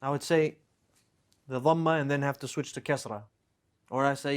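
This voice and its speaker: A man's voice: mid-range voice, fairly even intonation, moderate pace, clear, resonant tone. A man teaching an Arabic grammar class, patiently explaining with repeated examples and checking in with students. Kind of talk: classroom lesson.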